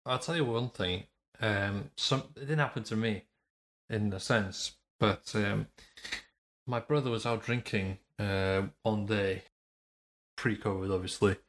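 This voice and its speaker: A man's voice: fairly low pitch, a little slow. A young Welsh man, a podcast guest, telling a story in a rambling, hesitant way and breaking into laughs. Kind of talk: casual storytelling.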